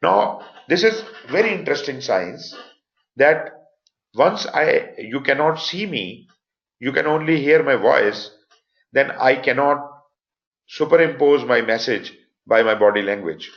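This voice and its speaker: Male instructor, Pakistani accent, explanatory online lecture voice, medium pitch, muffled web audio. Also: lively intonation, unhurried. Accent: Pakistani English. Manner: explanatory, stresses points with voice inflections. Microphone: computer mic for online class.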